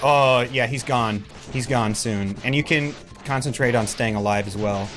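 A man's voice: medium pitch, normal speed, over music. A man co-playing a let's play, cracking jokes and giving gameplay advice. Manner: jokey, gives gameplay tips. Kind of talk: casual gameplay commentary.

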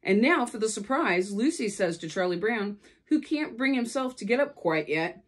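Animated woman reading a storybook. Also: on the high side, normal speed, slightly rough. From California, USA. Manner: lively read-aloud with voiced character lines. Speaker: storybook reader. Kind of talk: reading a children's storybook aloud.

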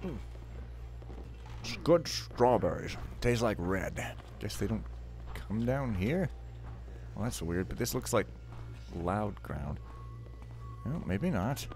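A man's voice: lowish voice, very animated, slow pace, pauses often, darkish tone. Joking man doing game commentary. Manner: joking, rambling, self-mocking. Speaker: let's play commentator. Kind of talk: casual gameplay commentary.

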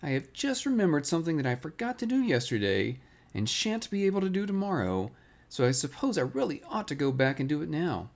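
A man's voice: a little high, sing-song, fairly quick. A man voicing a small, timid male piglet in a bedtime storybook reading, anxious and stammering. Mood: nervous.

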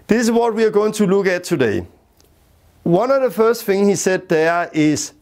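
A man leading a Bible lesson, returning to the same key words again and again for emphasis. His phrasing is plain and simple, with small grammar slips, and he keeps the pace of a steady classroom talk. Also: high-pitched, slow pace. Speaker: Bible teacher.

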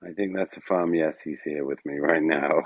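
On a live stream recorded by phone, a man with an extremely low, steady voice chats casually at normal speed, hesitant and rambling with many fillers, his voice sometimes turning emotional. The recording is dry and muffled.

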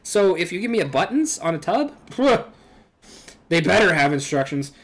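A woman's voice: on the low side, sing-song, normal speed. A woman streaming a game, commenting casually and wryly with offhand swearing. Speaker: livestreamer.

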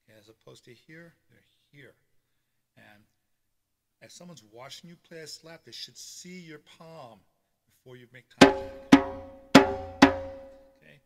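A drumming teacher runs a live-streamed beginner lesson, walking through hand technique step by step and checking in with a frequent "okay." His voice is medium-pitched, a little slow and slightly bright. The sound is roomy and reverberant, with drumming heard between his phrases.

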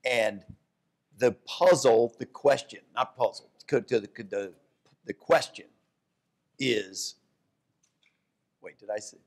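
A man, an economics professor, talking onstage in a lively, fast way that often breaks off and corrects itself. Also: medium pitch. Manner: animated, talks in quick bursts, restarts and corrects himself. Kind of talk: onstage conversation.

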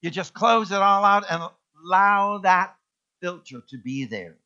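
Animated male preacher, bright voice. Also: sits high, measured pace, clean tone, muffled recording. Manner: animated, emphatic preaching with rhetorical questions. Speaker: minister. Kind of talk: sermon.

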